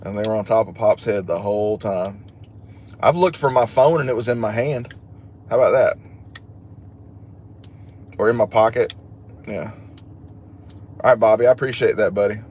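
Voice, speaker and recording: A man's voice: fairly low pitch, moderate pace, pauses often, a little mellow, a little hiss or hum. A man hosting a casual livestream, chatting with viewers and joking at his own expense. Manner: chatty and joking, laughs at himself. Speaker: livestream host. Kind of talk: casual live chat, reading viewer comments.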